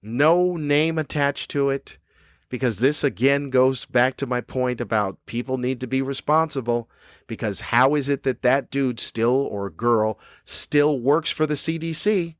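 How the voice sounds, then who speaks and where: In a cruise ship room, a cranky comedian hosting his own podcast delivers an angry, profane rant, swearing often. His medium-pitched voice comes a little slowly, recorded dry with clean studio sound.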